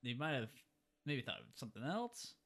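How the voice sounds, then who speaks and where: A man's voice: medium pitch, sing-song, moderate pace, a bit bright. A man casually recapping a movie in a rambling way, filling his talk with "like". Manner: rambling, lots of "like" fillers.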